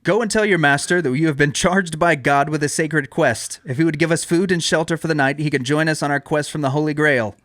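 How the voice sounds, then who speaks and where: A man's voice: fairly high pitch, fairly quick, few pauses, fairly bright tone, no echo, clean studio sound, voice pushed up, natural voice. A man playing a proclaiming noble king. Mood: commanding. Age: 30s. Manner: raised, formal proclaiming. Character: earnest commanding legendary king.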